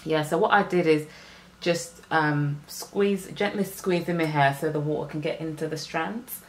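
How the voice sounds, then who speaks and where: A young woman chatting casually to her viewers in a home hair care vlog, with lively exclamations. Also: low-pitched, normal speed, slight background noise. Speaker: natural hair vlogger.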